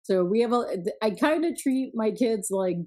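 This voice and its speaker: A middle-aged woman hosting a podcast, telling relaxed, self-mocking stories in casual chat. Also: a little high, normal speed. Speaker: podcast host.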